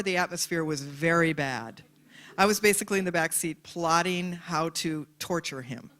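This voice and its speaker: A woman giving a motivational talk to a live audience, telling stories and acting out the voices of people in them. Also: fairly low pitch. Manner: animated storyteller, acts out voices in quotes. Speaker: speaker.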